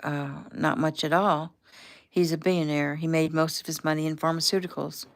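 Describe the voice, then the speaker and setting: A woman's voice: sits low, flat delivery, normal speed. A woman reading as a chatty polite friend. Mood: earnest.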